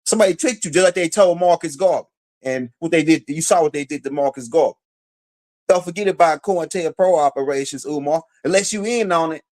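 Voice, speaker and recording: A man's voice: on the high side, fairly quick, a little mellow. A man giving a casual, slangy commentary monologue, challenging his target with repeated rhetorical questions. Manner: casual slangy speech with fillers. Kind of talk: direct-address commentary monologue.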